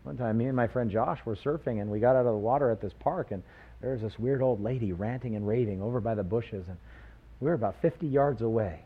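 A man preaching a sermon, animated, with rhetorical questions and acted-out quotes. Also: mid-range voice, fast talker, slightly rough, phone-quality sound. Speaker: pastor.

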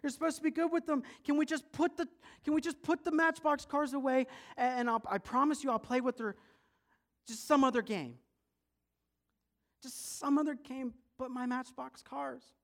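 Man voicing a fussy young boy, loud and high, pleading and anxious. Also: slow, few pauses, full character voice. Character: fussy pleading young boy, protective of his toy cars.

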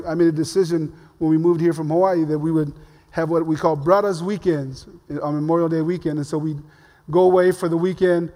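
A man's voice: fairly high pitch, darkish tone. An older man, a pastor, giving a sermon in a casual, humorous storytelling way. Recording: long reverb of a large hall.

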